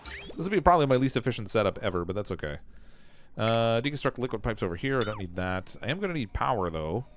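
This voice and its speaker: A man's voice: fairly low pitch, sing-song, quick pace, a little hiss or hum. A Canadian man streaming a game, thinking aloud and poking fun at his own messy builds. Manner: self-mocking, thinks aloud while building. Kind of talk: casual livestream commentary.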